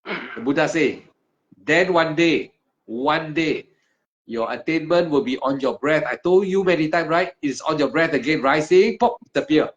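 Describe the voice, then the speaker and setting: Male meditation teacher, raised pitch, emphatic and repetitive, simple broken English, muffled lo-fi sound. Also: moderate pace. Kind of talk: one-on-one meditation instruction. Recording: dull lo-fi recording.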